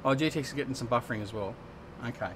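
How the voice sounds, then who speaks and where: A man's voice: mid-range voice, quick pace, background noise. An Australian man hosting a live gaming stream, chatting and joking with viewers as he plays. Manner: chatty and joking, reading out chat and answering viewers. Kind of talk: casual live-stream chat while gaming.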